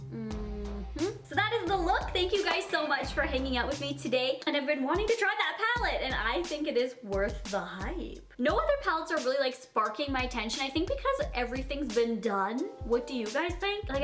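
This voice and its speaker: Young female beauty vlogger, gushing and giggly, slightly high voice, music playing underneath. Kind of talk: casual makeup tutorial chat.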